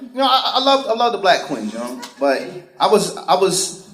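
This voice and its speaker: A man's voice: high voice, sing-song, moderate pace, fairly bright tone. A male stand-up comedian, telling profane, sarcastic stories and putting on voices. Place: comedy stage before a live crowd. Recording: roomy live venue with crowd laughter.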